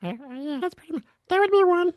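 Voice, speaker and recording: A man voicing a diaper-wearing male goblin who carries an axe, in a high, squeaky put-on voice. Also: lively intonation, fast, no room sound, dull audio. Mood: goofy.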